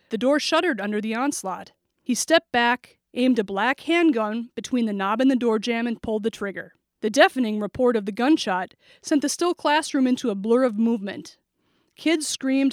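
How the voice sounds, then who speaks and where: Female thriller narrator, steady and vivid, bright-leaning voice, dead-dry booth. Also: fairly high pitch, dry recording. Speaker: audiobook narrator.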